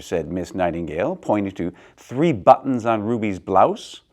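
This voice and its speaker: A man reading a children's picture book aloud, swinging between soft and loud in an expressive way. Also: lowish voice, measured pace, few pauses. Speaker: storyteller, theater director.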